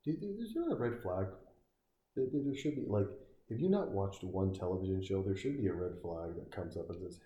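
A man with a very deep, mellow voice delivers profane, sarcastic commentary that rambles from one jab to the next. He is recorded in a roomy space with a noticeable echo. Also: expressive, brisk. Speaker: commentator reacting to a film.

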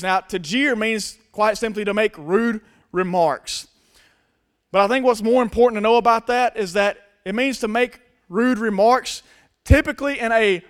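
A male pastor preaching a sermon earnestly, dropping to hushed tones and rising to loud emphasis. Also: very high voice.

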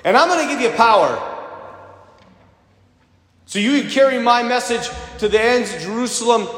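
A man voicing a calm, commanding risen teacher who reassures and gives orders. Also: very high voice, normal speed, voice pushed up. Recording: echoey church with long reverb.

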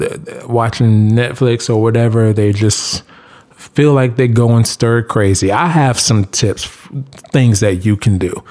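A man in a casual monologue hands out hygiene and cleaning tips with blunt, preachy insistence. His pitch sits in the middle, and he drives points home by repeating short commands, in loose informal speech. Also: a little mellow. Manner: blunt, preachy, emphatic repetition. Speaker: vlogger giving tips.

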